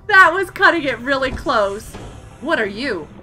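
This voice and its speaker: Excitable high-voiced woman game streamer. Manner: excitable, laughing, shouting at the game. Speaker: live streamer. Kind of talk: live gameplay streaming.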